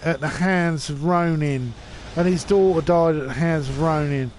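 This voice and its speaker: A man's voice: fairly high pitch, normal speed, darkish tone, slight background noise. A drunk man in his forties rambling and swearing while streaming a game. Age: 40s.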